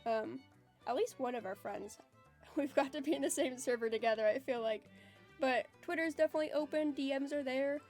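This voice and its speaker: A high-pitched woman chats on a livestream and giggles often. She reads viewers' messages aloud. She calls herself low-energy, and soft music plays behind her. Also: a little fast. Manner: self-described low-energy and introverted. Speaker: streamer chatting with live chat. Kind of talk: casual livestream chat.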